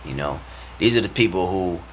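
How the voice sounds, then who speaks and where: A man giving a casual, animated faith talk to his followers in a slangy, preachy way. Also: low-pitched, moderate pace, slight background noise. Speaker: vlogger.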